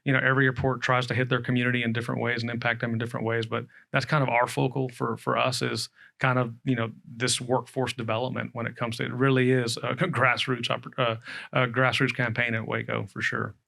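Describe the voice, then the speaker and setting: Gravelly airport director, rambling. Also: male voice, mid-range voice, flat delivery, fast, bright, forceful tone. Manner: rambling, many fillers. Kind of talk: panel discussion.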